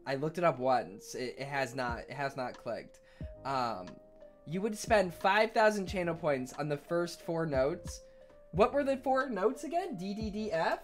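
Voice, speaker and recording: A man's voice: fairly high pitch, expressive, a little slow. A male streamer chatting casually and rambling while reading chat, swearing offhandedly and laughing easily. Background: faint piano playing.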